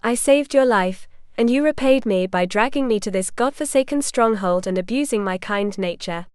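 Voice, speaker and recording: A woman voicing a proud, stubborn young noblewoman who speaks indignantly and with a sharp tongue. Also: on the high side, moderate pace, clean tone, no room sound, clean studio sound, natural voice.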